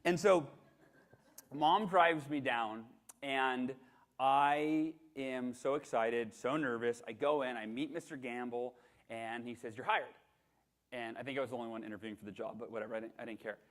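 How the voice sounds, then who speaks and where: A man in his thirties giving a motivational keynote, telling animated, self-deprecating stories with acted-out quotes. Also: mid-range voice, moderate pace. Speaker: motivational speaker. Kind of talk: storytelling keynote presentation.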